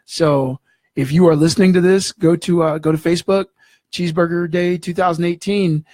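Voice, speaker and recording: A man, a guest in an interview, telling a story in an animated way and acting out the voices in it. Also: fairly high pitch, normal speed, no echo, clean studio sound. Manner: animated, acts out dialogue in the story.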